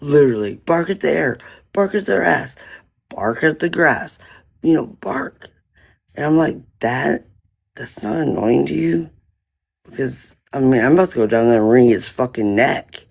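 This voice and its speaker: A man's voice: mid-range voice, expressive, moderate pace, vocal fry. A man on a phone live stream, rambling through an indignant, profane story about a neighbor in casual chat. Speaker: livestreamer.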